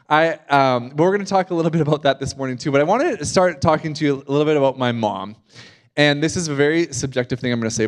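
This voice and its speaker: A Canadian man in his forties, a guest preacher giving a chatty, conversational sermon in a church, self-deprecating and asking the congregation questions. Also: mid-range voice. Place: church sanctuary before a congregation.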